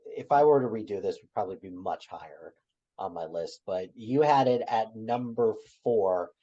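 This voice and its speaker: A man co-hosting a podcast in casual chat, retelling scenes and trailing off softly at the ends of his thoughts. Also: lowish voice, expressive, moderate pace, lo-fi sound. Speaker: podcast co-host.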